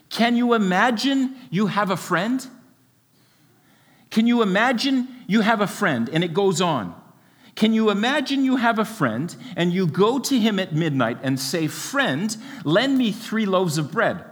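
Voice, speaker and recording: A man preaching a sermon, expressive and full of rhetorical questions, with a light laugh now and then. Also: high voice. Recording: long hall reverb.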